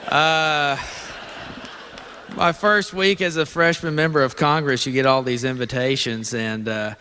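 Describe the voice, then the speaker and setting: A man's voice: mid-range voice, fairly even intonation, measured pace, bright, forceful tone, clean tone. A man giving a wry, self-deprecating after-dinner speech as a congressman.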